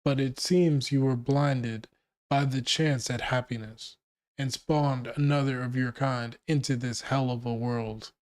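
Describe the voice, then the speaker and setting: A man voicing a cruel male scientist who speaks slowly, coldly and with contempt. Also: mid-range voice, steady tone, a little mellow, natural voice. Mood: contemptuous.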